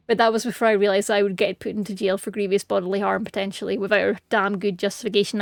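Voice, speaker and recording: A woman's voice: mid-range voice, flat delivery, fast, creaky, hardly any pauses, no echo, studio quality. A woman chatting casually and rambling playfully on a game stream, giggling often. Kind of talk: casual gaming stream chat.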